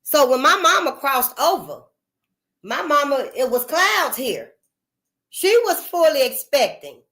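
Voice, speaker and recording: A woman hosts her channel in a high, sing-song voice that sounds pushed and bright, keeping a measured pace. Talking straight to her viewers in a casual monologue, she's emphatic and folksy, calling them honey and y'all.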